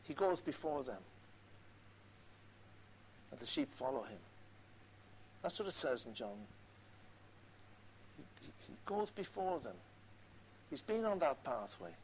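A man with a medium-pitched voice preaches a sermon, earnestly quoting scripture and repeating key phrases for emphasis. The recording is low quality, with slight background noise.

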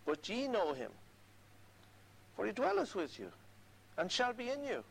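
A man's voice: high-pitched, wildly swooping pitch, a little slow, creaky, pauses often, slightly rough, poor audio. A man preaching a sermon, earnestly quoting scripture and repeating key phrases for emphasis.

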